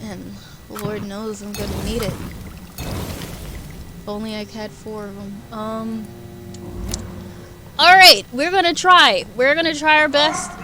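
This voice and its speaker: A woman's voice: on the high side, slow, pauses often, noisy background. A woman streamer giving casual live commentary over a game, exasperated and talking back at the enemies on screen. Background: loud game music.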